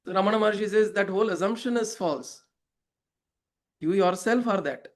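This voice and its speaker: A man's voice: sits high, normal speed. A man explaining a scripture verse as a spiritual teacher, reflective, asking rhetorical questions and telling parables.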